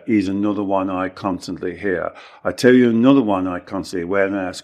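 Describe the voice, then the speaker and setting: A man coaching and teaching in conversation, emphatic and lively, who often acts out what clients say. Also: lowish voice, normal speed, few pauses. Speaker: coach explaining his self-inquiry technique.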